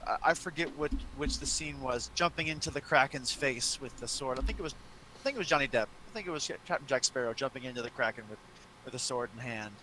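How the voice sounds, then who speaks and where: Eager, bright-toned male player. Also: mid-range voice, quick pace, a little hiss or hum. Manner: eager, stumbling restarts, excitable. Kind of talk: casual play at the table.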